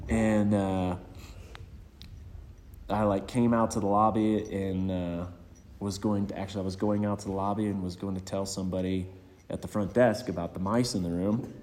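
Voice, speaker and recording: Low-voiced man giving a reflective eulogy. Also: darkish tone. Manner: reflective and hesitant, many pauses. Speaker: speaker at a memorial. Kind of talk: eulogy with personal anecdotes. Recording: long hall reverb.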